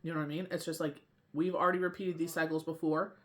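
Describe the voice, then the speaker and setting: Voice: mid-range voice, flat delivery, fast talker, fairly bright tone. A tarot reader and medium in a casual spiritual talk, rambling and often asking "you know what I mean".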